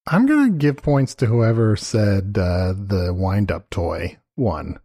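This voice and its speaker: A man's voice: lowish voice, very animated, slow, vocal fry, warm tone, slightly rough, dry recording, studio quality. A laid-back man judging answers on a comedy game show. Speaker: contestant and judge. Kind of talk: comedy podcast banter.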